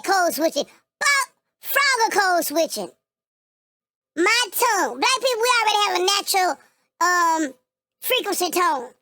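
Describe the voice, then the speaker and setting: A brash young woman with an African American English accent rants to camera, swearing freely and hammering her points home. Her voice sits very high and sounds bright and sharp. The recording is close and dry, with no room sound. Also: no room sound. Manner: blunt, swearing, emphatic. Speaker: reaction video host. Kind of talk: profane reaction rant.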